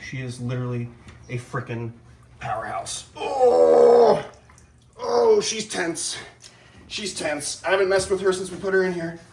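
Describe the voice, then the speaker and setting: A man keeper hosting a casual vlog outdoors among animal enclosures, excitable and shouting at the animals now and then. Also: a little high, slight background noise. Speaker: reptile keeper and host.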